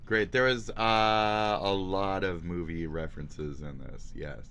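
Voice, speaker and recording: A man streaming live, giving casual reaction commentary in a mocking, profane and excitable way. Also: sits low, slow pace, clear, resonant tone.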